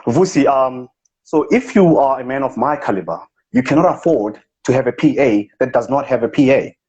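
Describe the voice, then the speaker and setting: A man's voice: medium pitch, moderate pace, darkish tone, breathy edge, lightly acted. A man playing a boastful male motivational speaker with a put-on posh accent, bragging grandly in a comic impression. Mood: smug. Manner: grandiose, self-important bragging. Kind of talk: comic impression in a live chat. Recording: dull lo-fi livestream audio.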